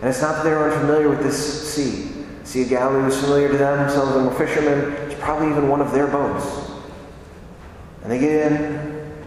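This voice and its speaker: A man's voice: medium pitch, little pitch movement, fairly quick, a little mellow, slight background noise. Guy preaching in church, chatty, lots of rhetorical questions, super echoey and distant. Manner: conversational, rhetorical questions, emphatic repetition. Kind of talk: sermon. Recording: echoey hall, voice from far off.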